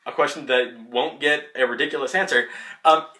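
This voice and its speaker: Young man, casual movie vlog, rambling with fillers, bright and forceful, roomy echo. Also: medium pitch, brisk. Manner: excitable, rambling, many fillers. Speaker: movie vlogger. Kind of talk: casual movie spoiler review. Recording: echoey room.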